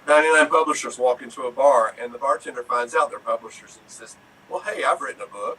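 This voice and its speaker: A man telling improvised jokes in a soft, drawn-out way. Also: mid-range voice. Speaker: improv player. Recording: distant mic, faint room noise.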